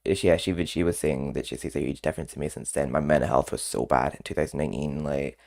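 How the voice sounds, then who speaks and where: A man's voice: rumbling low, steady tone, fast talker, vocal fry, a little mellow. A man chatting casually in a rambling vlog, often laughing between remarks. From Scotland. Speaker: vlogger. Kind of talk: casual chat.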